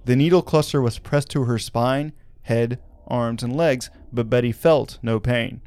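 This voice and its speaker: A man's voice: medium pitch, unhurried, darkish tone, smooth, dry recording. Wry male podcast storyteller. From Arkansas. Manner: wry, laughs at his own asides. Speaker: podcast host. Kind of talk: storytelling with jokes.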